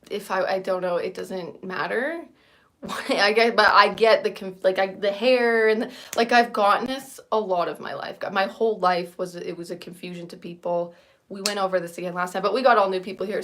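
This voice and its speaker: A woman's voice: medium pitch, fairly bright tone. A woman in her thirties hosting a casual livestream chat, rambling and self-deprecating and often laughing. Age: 30s. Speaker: livestream host.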